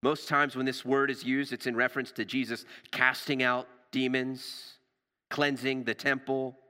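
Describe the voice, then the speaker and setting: A male pastor preaching a sermon in a storytelling way, rising for drama and dropping low and soft for tender moments. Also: flat delivery, moderate pace, big-room sound.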